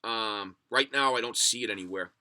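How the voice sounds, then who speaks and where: With a fairly low, pushed and bright voice at a moderate pace, a man from the United States runs a livestream podcast. He meanders through stories and chat comments, swearing freely.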